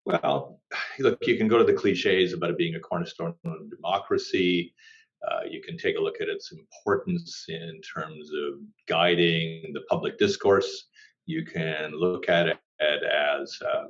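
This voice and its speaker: Middle-aged male journalist guest from Canada, very deep voice, measured and thoughtful, dull lo-fi sound. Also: steady tone. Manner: measured and thoughtful, with many "uh" pauses. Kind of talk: interview answers. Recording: dull lo-fi audio.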